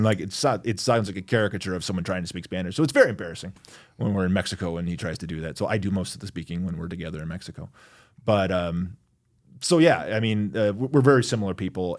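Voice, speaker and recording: Chatty forties lawyer guest, slightly low voice, rambling and self-mocking. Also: male voice. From Michigan, USA. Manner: chatty, self-deprecating, lots of fillers. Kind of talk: casual interview chat.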